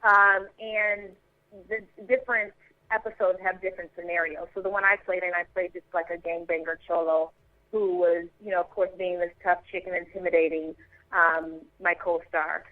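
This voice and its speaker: A woman's voice: on the low side, level tone, normal speed, no room sound. A woman from Chicago, an actress, chatting casually in an interview with many fillers and restarts. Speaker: actress guest. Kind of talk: casual interview over the phone. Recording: tinny phone line.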